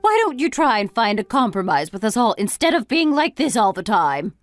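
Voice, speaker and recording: A woman's voice: on the high side, big pitch swings, brisk, no echo. A woman voicing a weary middle-aged mother who lectures her grown son reproachfully. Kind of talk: story narration dialogue.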